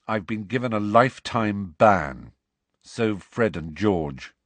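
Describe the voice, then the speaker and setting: A man's voice: lowish voice, lively intonation, slow pace, a bit bright, no echo, exaggerated voice. A man voicing a frustrated, short-tempered teenage boy in an audiobook. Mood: testy. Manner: testy, bitter.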